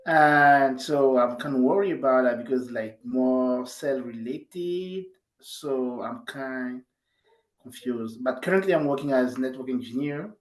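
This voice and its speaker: A man's voice: medium pitch, a little slow, echoey room, poor audio. Hesitant man with a French accent. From French-speaking country. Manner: hesitant, unsure. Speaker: caller asking a question.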